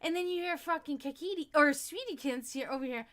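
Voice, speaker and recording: Woman host, fairly high voice, loose rambling chat, frequent swearing and laughter. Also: a little fast, fairly bright tone. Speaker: stream host. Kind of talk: casual livestream chat.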